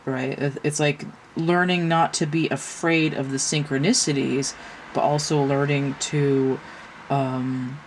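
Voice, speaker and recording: A woman's voice: a bass voice, level tone, a little slow, a little hiss or hum. Frank, casual woman tarot reader. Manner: frank and swearing, full of rhetorical questions.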